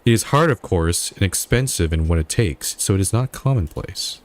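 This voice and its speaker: Give me a formal French gentleman with a put-on French accent and a deep voice, read by a man playing a game. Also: animated, normal speed, slight background noise. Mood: earnest.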